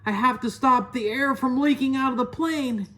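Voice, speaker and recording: An eager young boy from a children's storybook, voiced by a woman reading aloud. He speaks with bright, keen curiosity, his voice pitched up above the reader's own. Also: moderate pace. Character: eager boy with a gross sneezing power.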